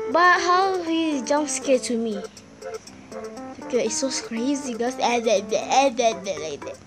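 A woman hosting a gaming video, commenting in a halting, simple way, easily spooked and often calling out to her viewers. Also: sits high. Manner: halting, simple phrasing, often calls out to "guys". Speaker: gaming channel host. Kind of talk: let's-play commentary. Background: game music.

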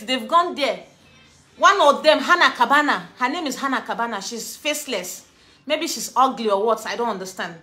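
Bright-voiced chatty woman vlogger. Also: high voice. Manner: chatty, laughs often, rants animatedly. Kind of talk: casual chat to followers.

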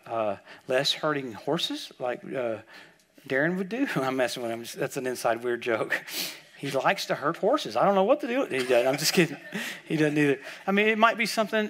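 An older man preaching a sermon, telling stories with lively acted-out quotes, often repeating words and dropping into soft, quiet tones. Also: sits high. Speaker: guest preacher. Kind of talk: sermon storytelling.

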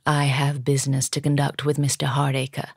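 A woman voicing a tall, weary gentleman with a drawling upper-class English accent, talking in a bored, soft, half-whispered way. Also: a bass voice, monotone, creaky, husky, no echo, studio quality, pitched below the performer's own voice, exaggerated voice. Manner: bored, unhurried. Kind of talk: audiobook character voice.

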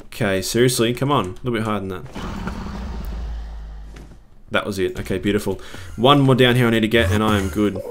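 Brief: male gamer, fairly low voice, live excitable commentary, faint background hiss. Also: a little fast, long pauses. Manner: excitable, swings between panic and cheering. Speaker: gaming video creator.

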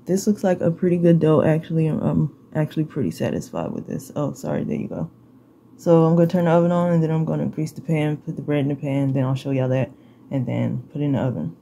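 A woman's voice: sits low, fast, gravelly, mellow, a little hiss or hum, poor audio. A woman chatting casually to her viewers in her home kitchen, rambling as she thinks aloud and chuckling often. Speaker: vlogger. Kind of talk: casual vlog chat to viewers.

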